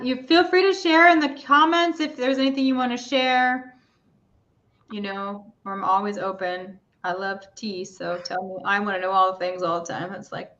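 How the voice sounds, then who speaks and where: Gentle rambling woman on a lo-fi stream. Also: medium pitch. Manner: gentle, rambling, casual with soothing guidance. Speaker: spiritual reader and stream host. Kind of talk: guided meditation and tarot reading livestream. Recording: dull lo-fi stream audio.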